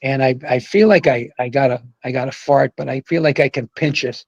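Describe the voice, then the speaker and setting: An older man, a guest who was a pro bowler, telling a profane, animated story in casual conversation. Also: medium pitch, fairly quick, lo-fi sound, background noise.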